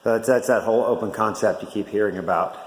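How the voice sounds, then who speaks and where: A man's voice: lowish voice, quick pace, husky. A man who builds homes, narrating a walking tour of a new house in a casual, explanatory way, with frequent filler words. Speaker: home builder. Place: at a newly built house, outside then indoors.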